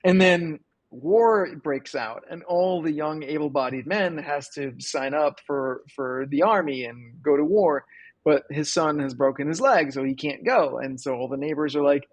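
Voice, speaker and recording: A man with a slightly husky voice, pitched a bit high for a man, hosting a live call-in coaching chat. He talks casually and animatedly, acting out the voices in the stories he tells. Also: normal speed, no echo. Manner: animated storyteller, acts out quoted voices. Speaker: host and business coach.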